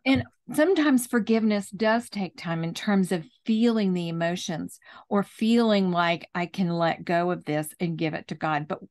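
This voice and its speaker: A woman hosting a chat, calmly explaining forgiveness in a measured, teaching way. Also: on the low side. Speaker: host, Christian speaker.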